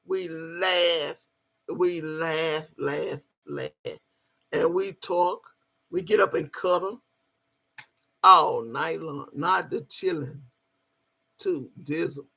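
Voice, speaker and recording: A woman's voice: low voice, extremely slow, creaky, pauses often, a bit bright. A woman hosting a livestream, talking brashly and profanely, boasting and laughing often as she greets her chat. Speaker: livestream host.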